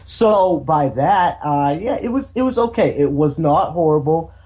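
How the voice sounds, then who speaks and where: A man's voice: on the high side, animated, a little slow, warm tone. A man co-hosting a podcast, rambling hesitantly about a film's actress and swearing casually. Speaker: podcast co-host. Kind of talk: casual movie review chat.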